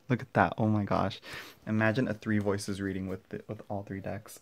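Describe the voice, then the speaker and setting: A young man unboxing and walking through a card deck at home, excitable and gushing, often dropping to a hushed voice so his family won't hear. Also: fairly low pitch, fairly quick. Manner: excitable, gushing, drops to whispers; talks quietly with family nearby. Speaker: tarot vlogger. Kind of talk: casual unboxing vlog. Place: indoor room at home.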